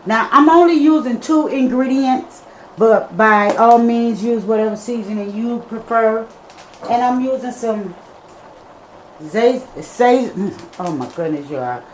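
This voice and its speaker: A woman's voice: fairly high pitch, measured pace, a little hiss or hum. A woman hosting her home cooking channel, chatting casually to viewers as she cooks in her kitchen. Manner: chatty, addresses viewers as y'all and you guys. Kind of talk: casual cooking vlog talk. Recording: roomy echoey kitchen.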